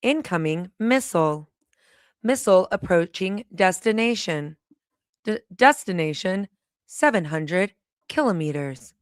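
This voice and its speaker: A woman imitating a slow GPS navigation voice. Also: on the low side, clear, resonant tone, no room sound, studio quality. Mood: calm, measured. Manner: slow, flat, measured announcements. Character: calm robotic female GPS navigation voice.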